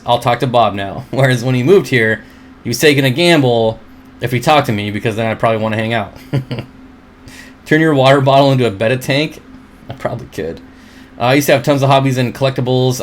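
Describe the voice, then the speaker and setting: Male stream host, mid-pitched and casual, chatty and joking, home setup. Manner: rambling and chatty, often laughs at his own jokes; reads viewer comments aloud and answers them. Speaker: livestream host. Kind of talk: casual livestream chat.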